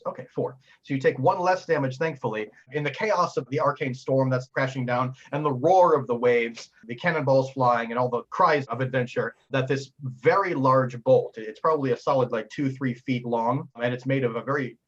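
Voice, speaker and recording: A man running a tabletop game as game master, excitable and laughing as he narrates. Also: mid-range voice, normal speed, hardly any pauses. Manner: excitable, laughing, full of fillers. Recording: dull lo-fi audio.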